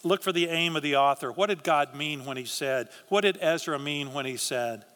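Earnest preacher in a reverberant hall. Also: male voice, fairly high pitch, moderate pace, fairly bright tone. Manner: earnest, conversational preaching with frequent restarts. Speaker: pastor. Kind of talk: sermon. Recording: long reverb of a large hall.

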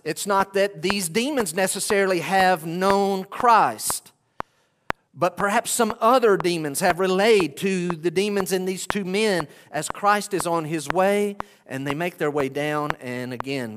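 A man preaching an expository sermon as a pastor, reading scripture with animated emphasis. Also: high voice. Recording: echoey hall with clear background noise.

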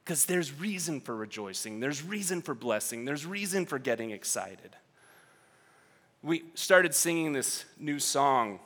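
A man preaching with a high, bright voice. He swings from quiet reflection to shouted exhortation and often repeats himself mid-thought. His tone is bright and forceful. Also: lively intonation, moderate pace. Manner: repeats words and restarts when thinking. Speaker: pastor. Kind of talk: sermon.

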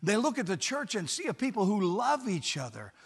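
A male pastor delivers a sermon in a high-pitched voice that carries through a church sanctuary. His words ring out with a long, lingering reverb. He presses his points with passion and gradually softens into quiet tenderness. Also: very animated, moderate pace, husky. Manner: impassioned, then softening to a hushed close.

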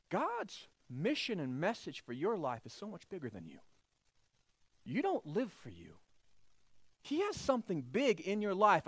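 A male pastor preaches in a church service, telling the story animatedly and slipping into its characters' voices. His voice sits high and swings widely in pitch. The sound is dry and close. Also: fairly bright tone, no echo. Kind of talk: sermon.

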